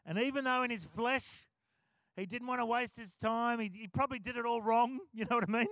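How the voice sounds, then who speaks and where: A man preaching a sermon, telling a story with animated acted-out quotes. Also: very high voice, a little fast, dry recording. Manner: animated, acts out quotes, chuckles often.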